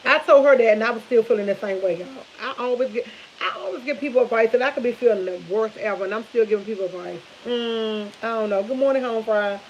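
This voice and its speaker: She talks fast in a slightly high voice, and the lo-fi recording has a bit of hiss or hum. A woman in her fifties, she vlogs from her kitchen while cooking, chatting casually, telling animated stories with laughter, and calling her viewers "y'all."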